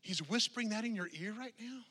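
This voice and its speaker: A man's voice: sits high, a little fast, sharp tone. A male pastor preaching a sermon to a congregation in a church, driving his point home with strings of repeated rhetorical questions.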